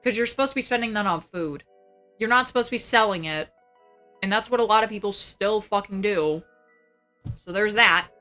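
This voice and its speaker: A young woman livestreamer venting in casual chat about family drama, swearing constantly and talking fast. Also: mid-range voice, bright, forceful tone, faint music behind. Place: home.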